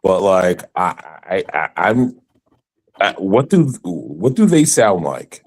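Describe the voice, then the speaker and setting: A man's voice: deep voice, big pitch swings, slow pace, rough recording. A man chatting casually on a podcast, emphatic, stammering and restarting often.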